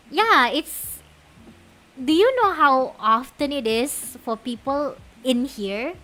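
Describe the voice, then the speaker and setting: A woman's voice: high-pitched, animated, extremely slow, pushed and bright. A young woman from Malaysia with a Malaysian accent, chatting on a stream in a giggly, rambling way. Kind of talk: casual chat stream.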